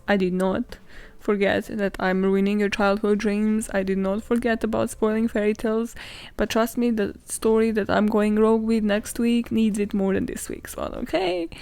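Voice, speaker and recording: Her voice is medium in pitch, creaky and slightly mellow, recorded with no echo. She hosts her own podcast alone, spinning stories in a laid-back, sarcastic, profanity-laced style, frequently laughing and performing the quotes she relays.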